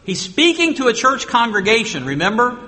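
A man preaching a sermon with emphatic rhetorical questions, moving between loud stressed phrases and quiet asides. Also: very high-pitched, big pitch swings, a little fast, long reverb tail. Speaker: pastor.

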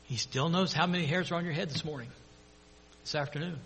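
A man preaching a sermon, telling a story in an earnest, animated way. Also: fairly high pitch, quick pace, slight background noise. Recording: long hall reverb.

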